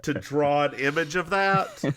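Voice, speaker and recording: A man's voice: fairly high pitch, measured pace, smooth. A man co-hosting a podcast, recapping an episode in casual chat and acting out characters' lines. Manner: animated storyteller, acts out lines with shifting voices. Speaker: podcast co-host.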